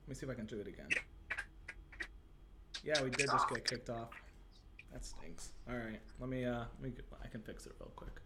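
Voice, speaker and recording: A man's voice: mid-range voice, lively intonation, a little fast, long pauses, noisy background. A man hosting a casual livestream, chatty and upbeat, talking to viewers over a webcam. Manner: upbeat, chatty, many fillers. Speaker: livestream host. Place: Santa Monica, Los Angeles.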